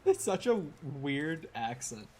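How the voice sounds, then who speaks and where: A man's voice: a little high, sing-song, takes it slowly, darkish tone, a little hiss or hum. A young man streaming a video game, chatting casually with his viewers and swearing now and then while he plays. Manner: chatty, swears, talks to chat while playing. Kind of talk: casual live-stream chat over gameplay.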